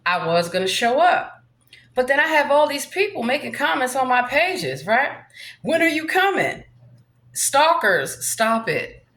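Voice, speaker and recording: Woman, brash, profane, swaggering, high pitch, echoey room. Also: big pitch swings, unhurried, a bit bright. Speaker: vlogger. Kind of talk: rambling monologue vlog.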